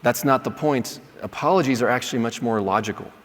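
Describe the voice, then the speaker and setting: A man's voice: medium pitch, a little fast. Male teacher, mid-range voice, casual classroom delivery with frequent "right?" check-ins, long hall reverb. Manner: conversational, checks in with "right?", acts out sample apologies. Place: lecture hall.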